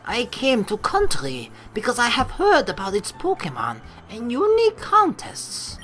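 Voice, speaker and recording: A woman's voice: fairly high pitch, wildly swooping pitch, unhurried, fairly bright tone, faint music behind, voice pushed up, exaggerated voice. A woman voicing a theatrical female ghost-class teacher with a put-on mock French accent, flowery and melodramatic. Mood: dreamy.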